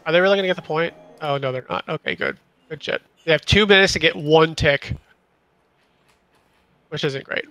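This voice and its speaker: A man's voice: on the high side, moderate pace, pauses often, pushed and bright, no echo. A young man streaming a shooter game, chatting casually with friends and swearing at his teammates. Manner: swearing, reacting to gameplay. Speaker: streamer playing an online shooter. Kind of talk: casual gaming chat.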